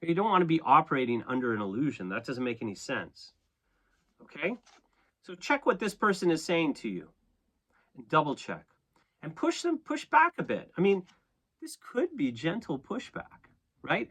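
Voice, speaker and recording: Male tarot reader, casual chat, lively pitch, keeps asking "okay?", laughs at himself. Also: moderate pace, breathy edge. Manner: conversational, animated, frequent "okay?" and "right?" check-ins. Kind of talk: casual spoken tarot reading.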